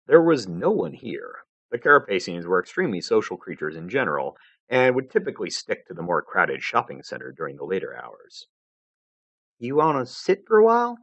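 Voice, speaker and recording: Low-voiced man reading a story aloud. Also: fairly quick, gravelly, breathy edge, no echo, lo-fi sound. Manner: expressive storytelling narration. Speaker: fanfiction reader. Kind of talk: live reading of fan fiction.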